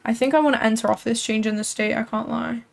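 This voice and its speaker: A woman talks through her trading screen on a live stream in a loose, chatty way, full of filler words as she thinks aloud. Her voice sits a little high and carries a gravelly fry. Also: fairly even intonation, quick pace. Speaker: livestream trading host. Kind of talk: casual live commentary.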